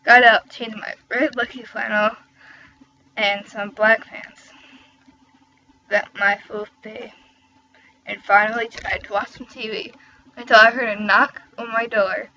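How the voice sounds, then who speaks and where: A woman's voice: fairly high pitch, level tone, measured pace, pauses often, pushed and bright, highs cut off, a little hiss or hum. A teenage girl reading fan fiction aloud with giggly, chatty asides. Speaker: reader.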